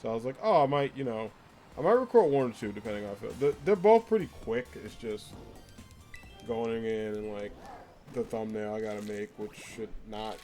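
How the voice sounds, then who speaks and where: A man with a mellow, lowish voice and a slightly quick pace chats casually with viewers during a game stream. He voices their comments and answers each one, rambling along with many fillers and frequent laughs, while faint game music plays.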